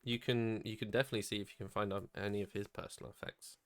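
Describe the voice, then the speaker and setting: A man's voice: lowish voice, level tone, fast, a bit bright, smooth. A man narrating as dungeon master, hesitant and full of ums, describing the action. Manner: hesitant, many ums, laughs often. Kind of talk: narrating a tabletop game.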